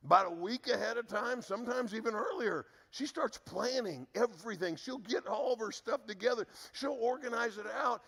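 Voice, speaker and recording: A middle-aged man preaching a sermon as pastor, earnest and repetitive, dropping low to stress key words. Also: normal speed, creaky, hardly any pauses, fairly bright tone, breathy edge, long reverb tail.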